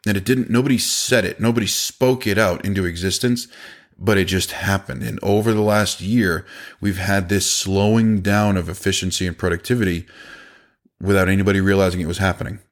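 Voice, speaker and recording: A middle-aged man, a business owner, talking bluntly in a casual podcast monologue, swearing now and then and acting out what others said. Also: low-pitched. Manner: blunt, conversational, swears casually, acts out quoted voices.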